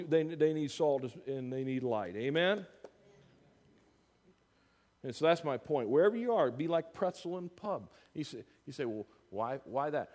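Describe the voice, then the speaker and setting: A man preaching a sermon as pastor, emphatic and animated, rising loud and dropping soft. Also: fairly high pitch. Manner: animated, emphatic preaching with big swings in loudness. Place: church sanctuary. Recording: long reverb of a church hall.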